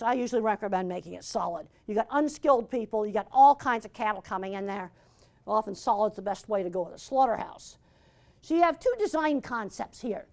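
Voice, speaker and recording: Older lady lecturing, high voice, blunt and emphatic, hammers points twice. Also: darkish tone. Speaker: animal science lecturer. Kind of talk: lecture with slides.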